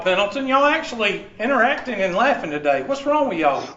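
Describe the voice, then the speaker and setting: A man's voice: high-pitched, big pitch swings, a little fast, a bit bright, a little hiss or hum. A man with a Southern US accent teaching a math class, joking and teasing his students in a folksy way. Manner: teasing, folksy, heavy on "y'all". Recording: echoey classroom, distant, dull lo-fi.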